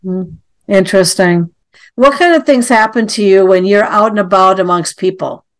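A woman's voice: mid-range voice, normal speed. Woman interviewer with brief prompts. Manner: brief encouraging backchannels, probing questions.

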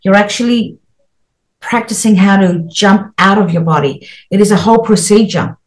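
A middle-aged woman appears as an interview guest discussing spiritual experiences, her medium-pitched voice at a moderate pace on a rough recording. She talks earnestly and at length, with many restarts and fillers.

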